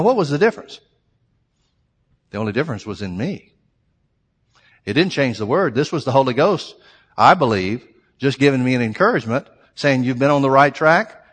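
A man's voice: fairly high pitch, big-room sound. A middle-aged man preaching a sermon, emphatic and repetitive, building his phrases to strong peaks.

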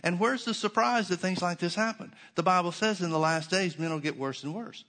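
A man's voice: sits high, fairly quick, bright, forceful tone. Emphatic male pastor preaching a sermon. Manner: emphatic preaching with rhetorical questions and sarcastic asides.

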